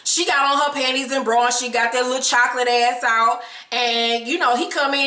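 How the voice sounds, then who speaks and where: A woman gives a blunt, gossipy recap of a reality show, full of profanity. Her voice is bright and a little high. She sounds echoey and somewhat far from the mic. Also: steady tone, normal speed. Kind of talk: sassy episode recap commentary.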